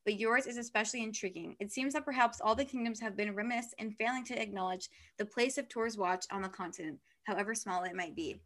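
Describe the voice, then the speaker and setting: A woman voicing a composed adult queen in a brisk, matter-of-fact way while retelling a book. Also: medium pitch, a bit bright, close to an everyday voice. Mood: measured.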